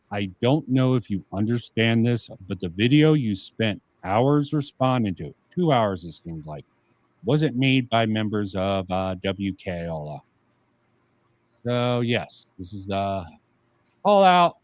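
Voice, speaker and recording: A man's voice: lowish voice, expressive, a little slow, no room sound. Sarcastic man streamer, dry close sound. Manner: sarcastic, reads comments aloud and rebuts them. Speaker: streamer host. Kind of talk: casual commentary stream.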